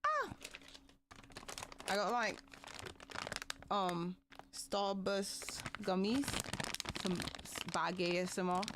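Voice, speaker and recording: A woman's voice: mid-range voice, expressive, takes it slowly, long pauses, noisy background. A young woman chatting casually on a livestream, greeting viewers and asking them questions.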